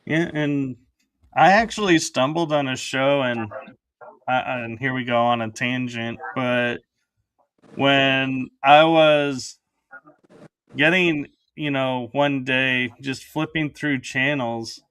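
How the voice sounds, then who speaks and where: Male host, smooth tone, halting and thoughtful, dry close sound. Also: medium pitch, a bit bright, no room sound. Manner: halting, restarts phrases. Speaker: podcast host. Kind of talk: casual panel chat.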